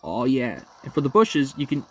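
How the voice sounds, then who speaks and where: A young gaming channel host narrates a game walkthrough at a moderate pace, easy and upbeat, describing each step as he goes. His pitch swings freely up and down, and he sounds relaxed and casual, like he's chatting with viewers from home.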